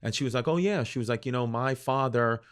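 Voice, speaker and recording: A man's voice: medium pitch, fast talker, clean tone. A man, telling joking stories as a podcast guest. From United States. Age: late 30s. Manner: joking, storytelling, deadpan provocations. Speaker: comedian guest. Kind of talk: casual podcast banter.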